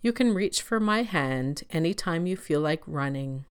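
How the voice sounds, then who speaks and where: A woman voicing Peace, a calm emotion who speaks soothingly and reassuringly. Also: sits low, normal speed, clean tone.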